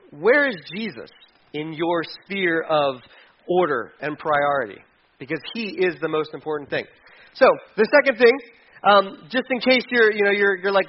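High-voiced animated pastor preaching. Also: male voice, moderate pace. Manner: animated, mimics whiny complaints, trails off quietly. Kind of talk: sermon. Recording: dull lo-fi sound.

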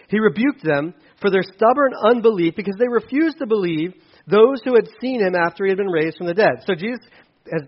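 A man preaching a casual sermon as pastor, conversational with self-deprecating asides and lively storytelling. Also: high voice, normal speed, muffled recording. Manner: conversational, self-deprecating asides, animated when telling stories.

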